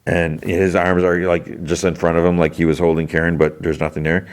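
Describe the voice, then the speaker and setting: Gravelly low-voiced man, rambling recap. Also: flat delivery, brisk. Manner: rambling, full of "like" fillers. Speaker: podcast host. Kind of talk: casual recap of a TV episode.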